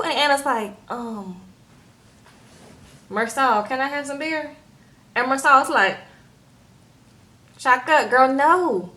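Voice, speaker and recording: A woman's voice: high-pitched, takes it slowly, pauses often, bright, forceful tone. A woman casually recapping a reality show, retelling scenes and quoting people with a sassy "okay?" after her lines.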